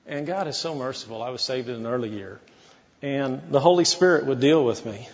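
A man's voice: medium pitch, animated, brisk, big-room sound, lo-fi sound. A man preaching a sermon as pastor, in a folksy, conversational way with asides to the congregation.

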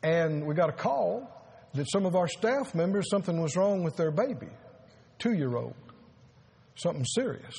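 A man preaching a sermon as pastor, earnest and halting, repeating words and rising to emphasis. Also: sits high, very animated, creaky, a little mellow.

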